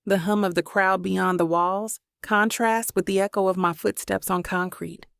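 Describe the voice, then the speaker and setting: A woman reading a romance audiobook as a steady first-person narrator. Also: mid-range voice, normal speed, gravelly, clear, resonant tone, no room sound, studio quality.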